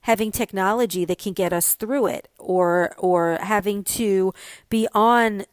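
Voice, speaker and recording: A woman's voice: mid-range voice, unhurried, dry recording. A middle-aged woman hosting a podcast, chatting casually and animatedly about her pet peeves. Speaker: podcast host. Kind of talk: casual solo podcast chat.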